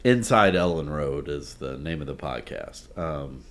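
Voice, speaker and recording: A man's voice: very deep voice, expressive, unhurried. A man co-hosting a sports podcast, talking in a rambling casual way that trails off and restarts. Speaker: podcast co-host.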